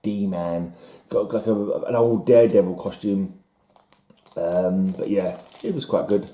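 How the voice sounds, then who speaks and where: A man's voice: low voice, steady tone, measured pace, dark tone, reverberant. A man casually rambling through his comic haul, musing aloud and mocking himself as he goes. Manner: musing, self-mocking, trailing off. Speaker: comic collector showing a haul.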